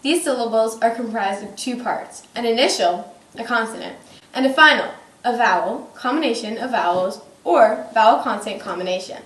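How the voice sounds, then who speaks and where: Woman presenter reading a pinyin lesson carefully; higher voice, echoey room. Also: moderate pace, fairly bright tone, recorded from a distance. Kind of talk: classroom presentation.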